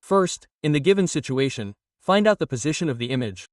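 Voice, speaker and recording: Male coaching teacher, fairly high voice, energetic lecture, dry sound, mic set back in the room. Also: brisk, no room sound, distant mic. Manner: energetic, repetitive, coaxing students directly. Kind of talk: classroom lecture.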